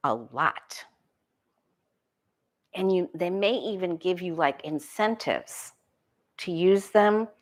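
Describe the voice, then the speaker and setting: A woman's voice: lowish voice, animated, slow, long pauses. Woman tarot reader, casual solo talk, muses aloud, self-questioning, frequent restarts.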